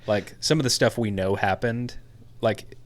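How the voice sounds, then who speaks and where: Young man, podcast co-host, casual chat, slightly low voice, animated. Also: measured pace. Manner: animated, laughing storyteller.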